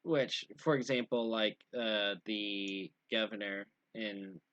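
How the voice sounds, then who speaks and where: A young man co-hosting a casual chat show, chatty and quick to throw in agreement. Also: on the low side, a bit bright, dry recording. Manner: frequent backchannel, chatty. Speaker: podcast co-host. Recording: dry, dull lo-fi sound.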